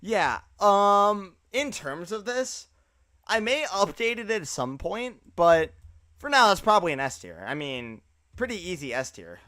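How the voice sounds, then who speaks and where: A young man streaming live, chatting casually and excitably, laughing often and sounding tired. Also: high voice, a little slow, no echo, studio quality. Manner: excitable, laughs often, uses fillers like bro. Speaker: livestreamer. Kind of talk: casual live reaction chat.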